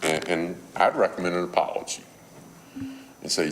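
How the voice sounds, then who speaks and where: A man's voice: low-pitched, fairly even intonation, moderate pace, pauses often, fairly bright tone, reverberant, a little hiss or hum. A male preacher giving a conversational sermon, teaching through everyday stories. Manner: conversational, illustrative storytelling. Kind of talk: sermon on parenting.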